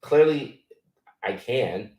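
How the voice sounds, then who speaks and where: A man's voice: mid-range voice, lively intonation, very slow, mellow, roomy sound, far from the mic, poor audio. A man in his thirties, born in Ghana, hosting a casual live chat and answering viewer questions in a loose, filler-heavy way. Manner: loose and conversational, many fillers.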